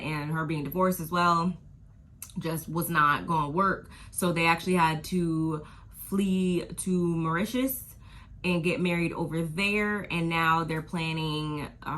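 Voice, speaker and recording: A woman's voice: deep voice, bright, forceful tone. Chatty slangy woman recapping reality TV. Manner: chatty, slangy, laughs often, mimics reactions. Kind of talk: casual recap and review.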